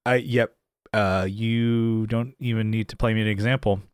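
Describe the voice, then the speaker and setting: A man's voice: fairly low pitch, moderate pace, clean tone, no room sound. Podcast guy chatting, does the voices in his stories, dry close mic. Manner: animated storyteller, acts out quotes in raised voices. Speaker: podcast co-host. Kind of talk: casual chat.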